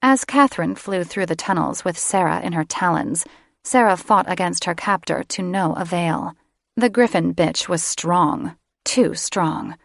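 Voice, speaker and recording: A woman audiobook narrator giving steady, scripted fantasy narration close to the microphone. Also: fairly low pitch, unhurried, creaky, no echo. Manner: steady storytelling. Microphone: close studio microphone.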